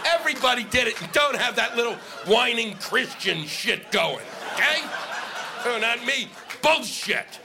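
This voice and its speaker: A man's voice: very high-pitched, expressive, unhurried, creaky, crowd noise, noisy background. A middle-aged male stand-up comic on stage, ranting in a sarcastic, profane way. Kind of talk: stand-up comedy set. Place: comedy stage before a live audience.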